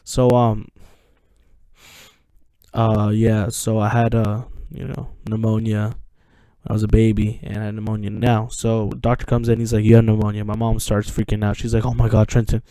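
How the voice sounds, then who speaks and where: A man's voice: fairly low pitch, level tone, moderate pace, dark tone, smooth, dry recording. A teenage boy telling a long personal story in casual chat, rambling with lots of restarts and fillers, recorded at home. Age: teens. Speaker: podcast co-host.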